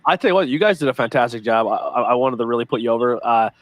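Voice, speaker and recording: A fast-talking man hosts a podcast in an easy, casual way. He tells his stories with excitement and swears freely. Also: mid-range voice, dry recording. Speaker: podcast host. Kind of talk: casual chat.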